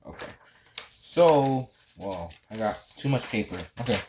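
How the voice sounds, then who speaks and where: A man's voice: mid-range voice, expressive, a little slow, background noise. A young man chatting casually as he draws, rambling and apologetic, full of fillers and restarts. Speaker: drawing tutorial creator. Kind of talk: casual drawing tutorial chat.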